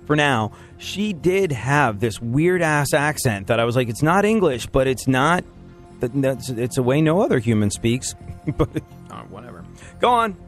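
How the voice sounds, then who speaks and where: A man's voice: medium pitch, sing-song, moderate pace, soft background music. A man hosting a radio show, rambling through jokes and laughing often. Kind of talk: casual banter on a radio show.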